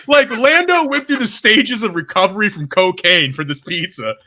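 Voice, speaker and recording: A man's voice: sits high, moderate pace. A young man with an East Coast accent, co-hosting a podcast and telling a story in a casual, profane, laughing way. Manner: animated, profane, laughing often. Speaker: podcast co-host.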